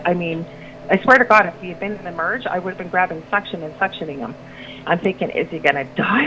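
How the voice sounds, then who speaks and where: A woman's voice: fairly low pitch, brisk. A middle-aged woman telling a personal story as a radio guest, rambling and restarting her sentences. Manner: rambling, restarts sentences, animated when quoting others. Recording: lo-fi with noticeable background noise.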